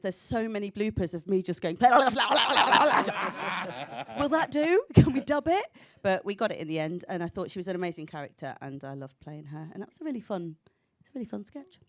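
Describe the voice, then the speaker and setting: A woman actor in a panel chat, telling animated stories and laughing often. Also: fairly low pitch.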